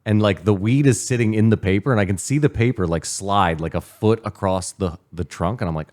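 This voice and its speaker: A man from Canada with a very low voice tells stories on a podcast. He is a co-host in his forties, chatting casually and swearing freely. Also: fairly quick, few pauses. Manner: swearing, animated storyteller. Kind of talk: casual chat.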